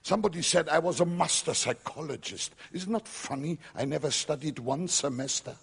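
A man preaching a revival sermon, dramatic and emphatic, building to shouted climaxes. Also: fairly high pitch, normal speed, gravelly, breathy edge.

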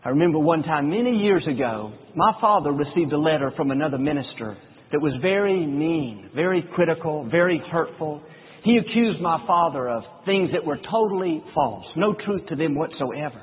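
A man with a husky, slightly high voice preaches with earnest storytelling. His words carry a long hall echo. The sound is thin and phone-like. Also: lively intonation. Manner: earnest storytelling preacher, slows for scripture quotes. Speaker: pastor. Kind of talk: sermon.

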